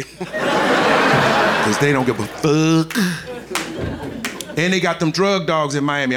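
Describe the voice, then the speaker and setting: A man doing a profane, animated stand-up comedy set in front of a live audience, acting out the people in his stories. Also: on the high side, a little hiss or hum. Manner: animated storytelling, profane, acts out characters. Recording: live club set with loud crowd laughter.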